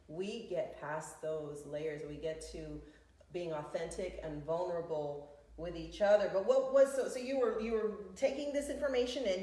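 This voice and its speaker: A woman hosting a casual interview, asking questions and reacting with quick excited laughter. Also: lowish voice. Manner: warm affirmations, bursts of excited laughter. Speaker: host, realtor. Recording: very echoey room.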